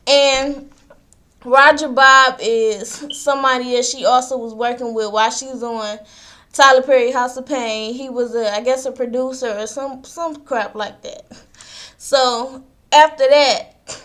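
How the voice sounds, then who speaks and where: A high-voiced woman, chatting through a reality show recap. She talks loosely and slangily and slips into quoted voices as she retells the scenes. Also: steady tone, measured pace, fairly bright tone. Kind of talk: casual episode recap.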